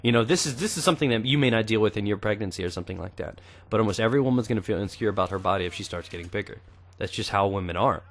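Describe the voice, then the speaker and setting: Young man, lowish voice, casual gaming commentary, crude and chatty, swears a lot. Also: lively intonation, very fast, fairly bright tone. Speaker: gaming YouTuber.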